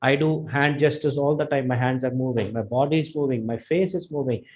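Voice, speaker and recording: A young man with an Indian accent teaching a spoken English lesson, animated and jumping his pitch up and down to show intonation. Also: brisk, poor audio. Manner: animated, demonstrates intonation with sudden pitch jumps. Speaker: English speaking tutor.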